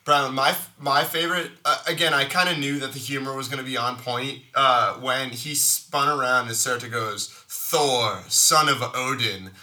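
Bright, animated man reviewing a film. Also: medium pitch, normal speed, few pauses. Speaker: podcast co-host. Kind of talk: casual movie review chat.

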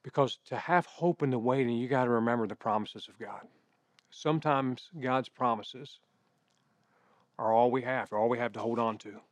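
A middle-aged pastor preaching a sermon in a conversational way, mixing scripture with personal stories. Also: male voice, medium pitch, normal speed, dry recording.

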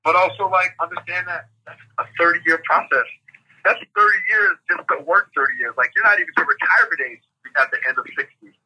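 Husky, bright-voiced man giving life advice. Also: fairly high pitch, brisk, rough recording. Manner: reflective, coaching tone with frequent "like" and "right?". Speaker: podcast guest. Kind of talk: motivational interview talk.

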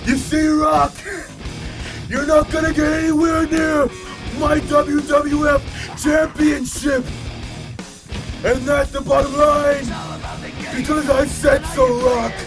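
Man doing a shouting, boastful pro wrestler. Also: very high voice, level tone, slow, music in the background, voice pushed up, exaggerated voice.

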